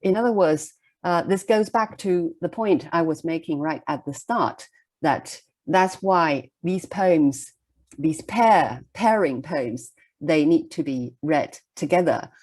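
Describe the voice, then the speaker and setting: A middle-aged woman giving a recorded literature lecture, explaining a poem in a measured way and often checking in with "okay?". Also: fairly low pitch, lively intonation, darkish tone.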